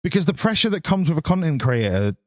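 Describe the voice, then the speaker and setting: A man's voice: on the high side, big pitch swings, fast, a little mellow, no echo. A man streaming a game as a hobby, chatting casually and sweary with his viewers in rambling banter. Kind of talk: casual live-stream chat to viewers while gaming.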